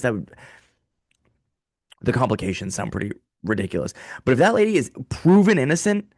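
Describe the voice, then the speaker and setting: A man in an office doing a casual comedy monologue, swearing and ranting in an animated way. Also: mid-range voice, fairly quick, pauses often, breathy edge, dry recording, clean studio sound. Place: small rented office.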